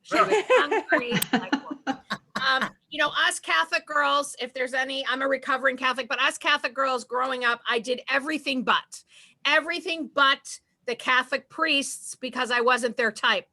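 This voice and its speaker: Middle-aged Boston woman, stand-up comic on a video call; high, bright voice, chatty and self-mocking. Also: fairly even intonation. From Boston area, USA. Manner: chatty, self-deprecating, breaks into quick put-on voices. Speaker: stand-up comedian.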